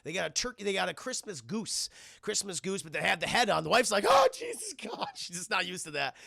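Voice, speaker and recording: A man's voice: sits high, expressive, fast, vocal fry, pushed and bright, no room sound, clean studio sound. A man streaming a casual, profane film recap, rambling and constantly addressing his chat.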